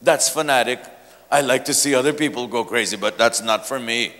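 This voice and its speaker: A man's voice: medium pitch, a little fast, fairly bright tone, voice pushed down, lightly acted. A male pastor voicing a proud churchgoing wife who scorns fervor, in a prim, dismissive tone. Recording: long church hall reverb.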